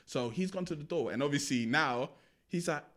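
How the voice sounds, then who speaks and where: A man's voice: fairly high pitch, normal speed. A young man, a podcast co-host casually retelling a film plot and acting out the characters' lines in slangy chat. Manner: animated storyteller, acts out characters' lines, slangy.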